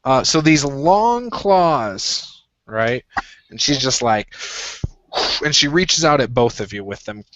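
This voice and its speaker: A man running a tabletop game as game master, narrating in a relaxed, chatty way with frequent fillers. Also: medium pitch, slow pace, lo-fi sound.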